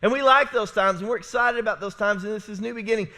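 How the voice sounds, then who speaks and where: A man, a pastor, preaching a sermon in a church in a conversational, storytelling way, often asking "right?" and swinging between loud, emphatic lines and hushed, low passages. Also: fast. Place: church sanctuary.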